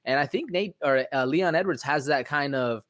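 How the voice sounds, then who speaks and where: A man co-hosting a sports podcast, talking in a relaxed, slangy way with plenty of fillers. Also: fairly high pitch, moderate pace. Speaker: podcast co-host. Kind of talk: casual sports podcast chat.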